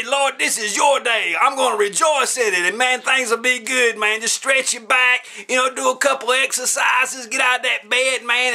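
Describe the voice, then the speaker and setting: A man with a rough voice, talking like a pastor in a casual preaching vlog, loose and chatty with shouted exhortations. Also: high voice. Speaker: pastor and movie reviewer.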